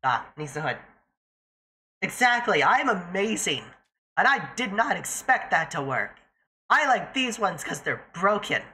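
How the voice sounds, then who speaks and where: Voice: mid-range voice, very animated, measured pace, sharp tone. A young adult streamer giving casual, profane commentary while playing a game live and chatting to viewers. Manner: chatty, profane, talks to self and chat.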